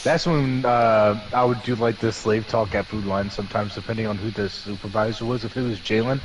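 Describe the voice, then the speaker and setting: A man's voice: on the low side, fairly even intonation, fairly quick, slight background noise, rough recording. A young man in casual chat, telling stories about an old job and acting out the voices of coworkers. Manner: storytelling, acts out voices of coworkers.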